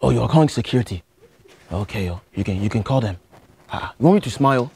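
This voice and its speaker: A man's voice: medium pitch, lively intonation, fast talker, dark tone, breathy edge. Young man putting on a pushy Nigerian-accented student. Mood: insistent. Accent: Nigerian (put on). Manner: insistent, exclamatory "oh" and "ah, ah" tags. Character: pushy male Nigerian student wanting to learn scamming. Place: college lecture hall.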